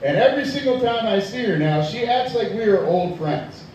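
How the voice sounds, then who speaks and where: A man performing a profane stand-up comedy set in a tavern, telling loud rants and chatting with the crowd. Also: high voice, expressive, moderate pace, muffled recording, a little hiss or hum. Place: tavern stage. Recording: echoey room from far off.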